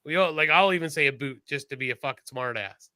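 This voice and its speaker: A man's voice: a little high, fast talker, bright, forceful tone, smooth, no room sound. A Canadian man co-hosting a podcast in loose, profane, joking banter. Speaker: podcast co-host. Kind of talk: casual chat.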